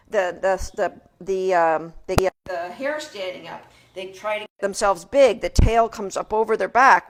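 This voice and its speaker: A woman's voice: fairly high pitch, a bit bright. A woman dog trainer giving an informal lecture from her couch at home in a chatty, casual way with frequent restarts.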